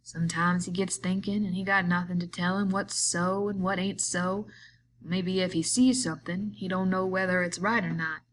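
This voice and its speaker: A bitter, lonely man who goads and then broods in a slow, drawling rural way, as a woman puts him on for a storybook reading. The voice sits a little low, and faint noise hums under it. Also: fairly even intonation, lightly acted. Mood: brooding.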